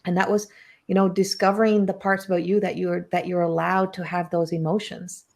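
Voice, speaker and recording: Lady hosting a podcast, chatty and animated, says like a lot. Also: fairly low pitch, fairly quick, vocal fry. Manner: animated storytelling, heavy use of "like". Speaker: podcast host and spiritual coach. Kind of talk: casual podcast conversation.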